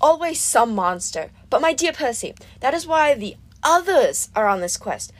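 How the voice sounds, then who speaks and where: A woman's voice: high-pitched, big pitch swings, moderate pace, no room sound, pitched above the performer's own voice. A woman voicing a vain, gushing goddess of love in an audiobook reading, in a dramatic, doting manner. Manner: breathy, swooning, dramatic and doting.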